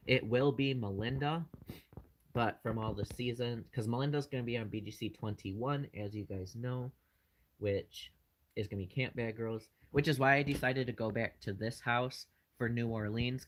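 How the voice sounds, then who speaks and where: A man's voice: lowish voice, poor audio. A man hosting his channel, casually answering live chat questions in a rambling way with lots of fillers.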